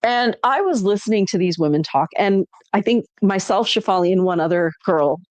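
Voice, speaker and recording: A woman co-hosting a casual live stream, animated and acting out what people say. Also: medium pitch, normal speed, dry recording. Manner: animated, acts out quotes. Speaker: shop live-stream co-host.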